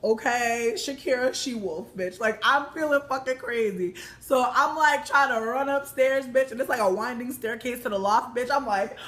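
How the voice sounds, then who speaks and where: A young woman telling a story in a casual, profane, animated way, breaking into loud exclamations. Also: fairly high pitch, moderate pace, few pauses.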